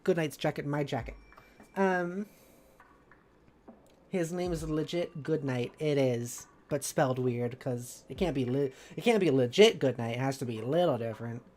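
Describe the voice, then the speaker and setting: A woman's voice: extremely low pitch, moderate pace, a little mellow. A woman streamer chatting casually and rambling, with many fillers and a bubbly, giggly manner. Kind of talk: casual live-stream chat.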